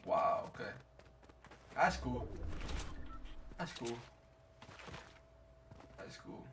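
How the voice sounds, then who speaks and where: Male streamer, casual gameplay chatter, loud slangy trash talk, distant mic with clear noise floor. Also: medium pitch, very slow. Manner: slangy, excitable, yells trash talk at the game. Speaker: game streamer. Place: home room at night.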